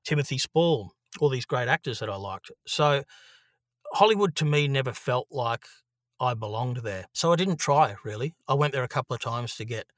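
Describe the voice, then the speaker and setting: A man with an Australian accent, an actor telling lively stories in an interview. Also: mid-range voice, normal speed, no room sound, studio quality. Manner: animated storyteller, swears freely. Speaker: actor, guest. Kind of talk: casual interview anecdote.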